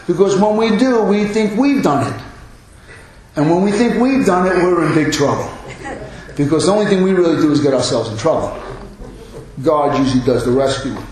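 Earnest fifty-something man preaching, echoey. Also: high voice. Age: 50s. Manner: earnest, emphatic, repeats phrases for effect. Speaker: pastor. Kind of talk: sermon. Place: church hall. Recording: very echoey room.

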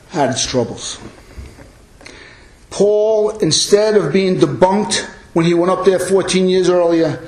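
A man preaching a sermon as pastor, forceful and emphatic, rising sharply on his strong points. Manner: forceful, emphatic preaching with big pitch swings. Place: church. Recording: echoey church hall.

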